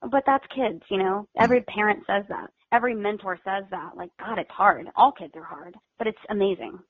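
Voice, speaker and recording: A woman calls in over a thin, tinny phone line that sounds close and dry, with no room around her. She talks in a loose, heartfelt, chatty way, and her speech is full of filler words. Her voice sits at an ordinary middle pitch. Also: brisk, breathy edge, dry recording. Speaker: foster parent guest. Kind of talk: casual interview over the phone.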